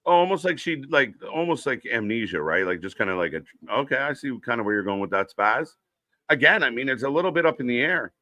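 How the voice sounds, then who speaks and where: A man's voice: medium pitch, very animated, fast talker, bright, forceful tone, no room sound. A man co-hosting a live wrestling watch-along, chatting casually, swearing and reading out viewers' names. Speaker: co-host.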